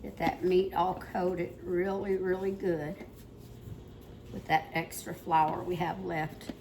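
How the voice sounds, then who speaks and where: A woman's voice: on the low side, flat delivery, slow pace, noisy background. Chatty older woman, out of breath. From Ozarks, Missouri. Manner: rambling, chatty, many fillers. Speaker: home cooking host. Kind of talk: casual cooking demonstration. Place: home kitchen.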